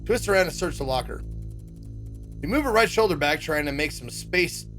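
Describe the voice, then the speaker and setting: A man's voice: lively intonation, moderate pace, fairly bright tone, faint music behind. A man streaming himself as he reads a visual novel aloud, sarcastic and swearing freely. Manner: sarcastic, swears freely, acts out quoted lines with pitch jumps.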